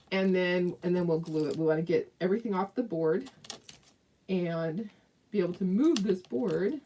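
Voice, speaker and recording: A woman's voice: on the low side, mellow, recorded from a distance. A middle-aged woman hosting a casual live craft tutorial, chatty and rambling, with lots of fillers and frequent laughs. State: hiccups.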